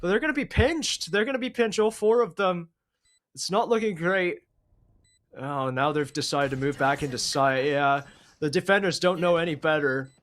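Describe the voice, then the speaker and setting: A man casting a live esports match, calling plays quickly and rising with excitement at big moments. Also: a little high. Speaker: esports caster. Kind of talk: live play-by-play commentary.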